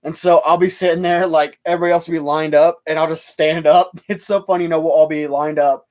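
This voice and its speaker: A man's voice: fairly high pitch, fairly even intonation, quick pace, darkish tone. A young man hosting a casual livestream chat, rambling and laughing easily. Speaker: livestream host.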